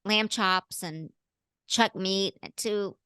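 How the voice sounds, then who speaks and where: Bubbly actress guest, woman, smooth resonant tone, dry close recording. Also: medium pitch, very slow, a bit bright, no room sound. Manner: bubbly, laughing, jumps into playful voices. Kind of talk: casual interview chat.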